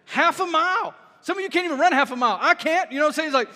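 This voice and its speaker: A high-voiced male pastor preaching a lively sermon. He tells stories with energy and pushes his voice up loud at the peaks. The sound carries a long church-hall reverb. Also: quick pace. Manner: animated, storytelling, raises voice to shout lines.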